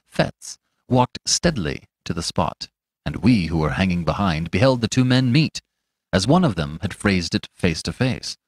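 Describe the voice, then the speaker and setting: A man with a low voice narrates a classic tale in an expressive storytelling style, and his pitch moves up and down freely. The recording is dry and close, with no room sound. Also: normal speed, dry recording. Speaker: podcast host and audiobook narrator.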